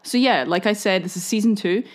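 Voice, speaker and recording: A woman's voice: medium pitch, brisk, crowd noise. A young woman hosting a podcast, chatting casually with frequent giggles and free swearing. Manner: chaotic, giggly, swears freely. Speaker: podcast host. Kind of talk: casual chat.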